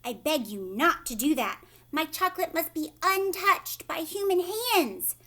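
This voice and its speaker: Woman doing a fretful, excitable candy maker. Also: extremely high pitch, a little slow, voice pushed up, full character voice. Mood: pleading. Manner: pleading, fretful. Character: fussy excitable male chocolate maker.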